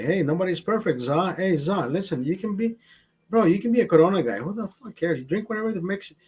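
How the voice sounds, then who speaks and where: A man's voice: high-pitched, animated, fast, darkish tone, husky. A man hosting a casual livestream, rambling and swearing constantly while chatting with viewers. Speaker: livestream host. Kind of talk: casual profane livestream chat. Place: home setup in California.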